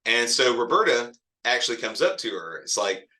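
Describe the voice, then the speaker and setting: Male lit teacher, casual and rambling, very bright tone. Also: medium pitch, very animated, normal speed. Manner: chatty, digressive, laughs often. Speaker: literature teacher. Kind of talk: casual classroom lecture.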